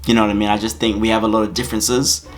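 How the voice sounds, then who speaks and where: A young man, telling a comic story from his own life to his viewers in a lively, dramatic, laughing way, with soft music playing underneath. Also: on the low side, rapid-fire. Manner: animated, laughing, dramatic exaggeration. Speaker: vlogger.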